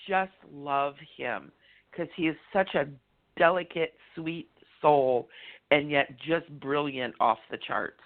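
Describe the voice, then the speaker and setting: A man co-hosting a casual radio talk show as a medium, bubbly and excitable, full of likes and you-knows. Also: a little high, slow. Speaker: co-host and medium. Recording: tinny phone line.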